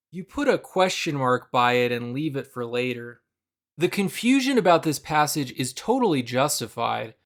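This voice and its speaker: A young adult man giving a measured, scripted explainer narration about a Bible passage, now and then acting out quoted lines. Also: fairly high pitch. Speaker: Bible video presenter.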